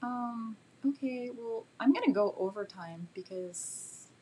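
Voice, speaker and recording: A woman teaching a live painting demo and answering viewers' questions, chatty and self-deprecating, with many fillers, talking gently while she works. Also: on the high side, lively intonation, slow, a little hiss or hum. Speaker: art instructor.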